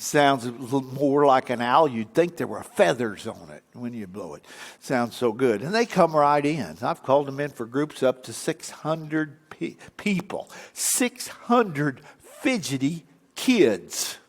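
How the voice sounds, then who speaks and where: An older man speaking as a guest at a church event tells folksy, humorous stories, livening them up by breaking into animal calls. His voice is medium-pitched and unhurried, carried by the long reverb of the church sanctuary.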